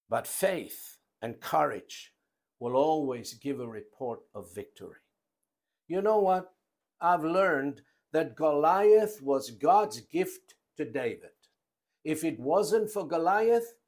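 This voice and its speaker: A man with a slightly high voice preaches emphatically, his volume swelling and falling as he delivers slow, deliberate phrases.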